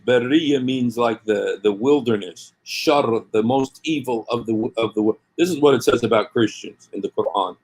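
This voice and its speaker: A man's voice: medium pitch, normal speed, few pauses, breathy edge. A man preaching passionately to his viewers, hammering the same phrases again and again and leading them in prayer. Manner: calls listeners to pray along with him. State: angry. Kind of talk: impassioned preaching to camera.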